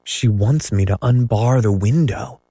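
A man's voice: lowish voice, unhurried, mellow, breathy edge, dry recording, clean studio sound. A man doing Peter Pan, cocky boy. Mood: defiant. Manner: boastful, sneering. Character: proud defiant boy who never grows up.

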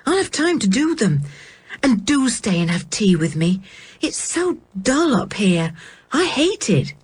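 A woman's voice: a little high, sing-song, unhurried, a little mellow, husky, full character voice. A woman voicing a lonely, sullen boy who loves painting, in a storybook reading. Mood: wistful. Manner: bitter then eager.

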